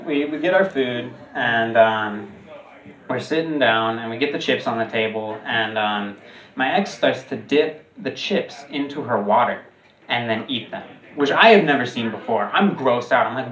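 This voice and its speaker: A man doing a stand-up comedy routine, jumping higher and louder on punchlines. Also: expressive, normal speed. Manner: jumps high and loud on punchlines. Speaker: stand-up comic. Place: comedy club stage. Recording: roomy and distant. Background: audience laughter.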